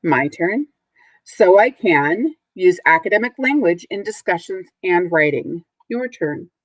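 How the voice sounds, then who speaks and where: Woman teacher, lower voice, patient and clear, recorded dry at home for young kids. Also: expressive, unhurried, no echo, low-quality recording. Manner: patient, clear, models words for repetition. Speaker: third grade teacher. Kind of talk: recorded vocabulary lesson for children.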